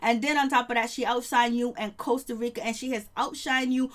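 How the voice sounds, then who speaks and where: A woman's voice: fairly high pitch, brisk. Chatty woman, laughing often. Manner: animated, laughs often, acts out quotes. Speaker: TV show reviewer. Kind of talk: casual recap chat.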